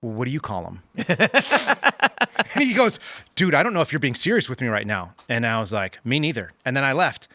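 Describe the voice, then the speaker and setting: Fast-talking bright-voiced man telling stories. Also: medium pitch, a little hiss or hum. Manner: animated anecdote teller, acts out dialogue. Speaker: guest, former FBI agent. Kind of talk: casual panel chat, storytelling.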